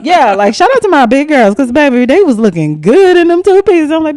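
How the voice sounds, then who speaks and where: Animated, profane young woman storyteller. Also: high voice, fairly quick, no room sound, studio quality. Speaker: podcast guest. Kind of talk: casual storytelling.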